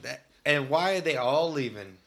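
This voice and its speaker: A man in casual chat, telling animated stories and swearing freely. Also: a little high, normal speed, creaky.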